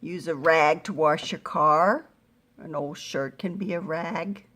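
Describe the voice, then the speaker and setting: Slow, patient woman teaching phonics. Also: low voice, a bit bright, a little hiss or hum. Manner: patient, slow, encouraging, sounds words out. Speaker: reading teacher. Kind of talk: phonics lesson for children.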